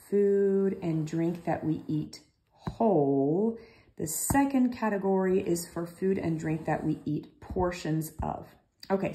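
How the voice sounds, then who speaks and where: A woman's voice: fairly low pitch, dark tone. A woman teaching a recorded French lesson, chatty and reassuring, thinking aloud as she explains.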